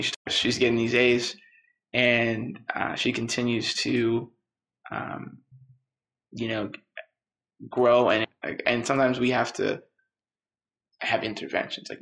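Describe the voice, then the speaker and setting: A man's voice: medium pitch, a little slow, vocal fry, pauses often, roomy sound. A man narrating a heartfelt personal story, acting out the dialogue as he tells it. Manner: earnest, animated storytelling with quoted dialogue.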